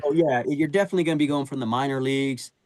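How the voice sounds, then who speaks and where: Animated middle-aged man, slangy storyteller. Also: mid-range voice, racing, no room sound. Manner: animated storyteller using slangy street talk. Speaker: HVAC sales advisor, podcast guest. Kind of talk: casual podcast conversation.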